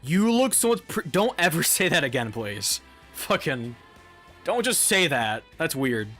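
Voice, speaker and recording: Young male streamer, lively and bright, swears a lot and rambles, rather high voice. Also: measured pace, faint music behind. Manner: rambling, profane, laughs often. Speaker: live streamer. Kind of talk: casual gameplay chatter.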